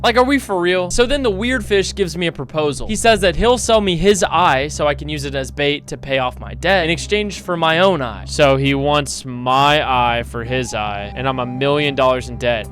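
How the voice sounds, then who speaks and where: A young man commentating and narrating a horror game, excitable and slangy, swearing often. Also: fairly high pitch, moderate pace, hardly any pauses. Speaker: gaming YouTuber.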